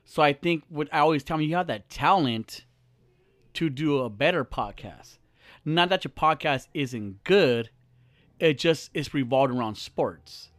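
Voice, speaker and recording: A man's voice: fairly high pitch, animated, measured pace, a bit bright, dry recording. A young man hosting a podcast, chatting casually, joking and swearing freely in a small studio. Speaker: podcast host.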